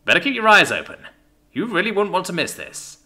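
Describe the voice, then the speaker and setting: A man's voice: high voice, big pitch swings, a little fast, bright, forceful tone, voice pushed up, heavily acted. Man doing Ishikawa, a teasing daredevil. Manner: laid-back, teasing. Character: reckless, teasing young human man, thrill-seeker.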